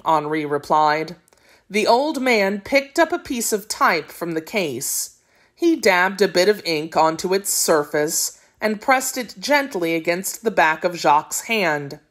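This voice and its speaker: Woman narrator, lowish voice, slow and clear, storybook reading for kids. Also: animated, a bit bright.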